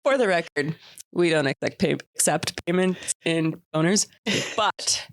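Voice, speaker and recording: A woman's voice: low voice, a little slow, no room sound. A woman co-hosting a podcast in casual chat, playful and self-mocking, laughing often. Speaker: podcast co-host.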